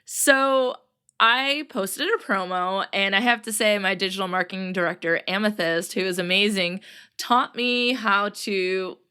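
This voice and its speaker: A woman hosts her podcast alone, talking casually into a studio microphone. Her voice is bright and forward, at a middle pitch for a woman. She sounds very tired but stays chatty, with laughs breaking into her sentences. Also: measured pace, smooth. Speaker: podcast host. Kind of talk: casual solo podcast chat.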